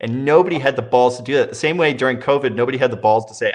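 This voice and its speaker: Man, mid-pitched voice, blunt, sarcastic, profane co-host. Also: racing. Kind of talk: casual rant chat.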